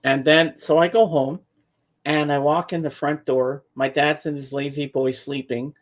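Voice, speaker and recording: A man with a fairly high speaking voice spins a meandering anecdote in relaxed podcast conversation. He stumbles over repeated words and restarts, then slips into little voices for the people he quotes. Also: normal speed. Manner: rambling, acts out voices in quotes. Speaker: show regular. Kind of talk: casual storytelling chat.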